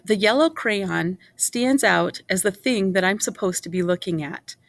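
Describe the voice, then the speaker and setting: A woman teaching an art lesson in scripted narration, explaining clearly and asking viewers questions. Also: medium pitch, a little slow, no echo.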